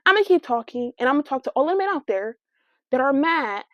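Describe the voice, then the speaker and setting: Brash young woman podcast host, fairly high voice, dry dull lo-fi sound. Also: a little fast, dry recording. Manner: brash, sassy, slangy and animated. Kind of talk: casual solo podcast rant.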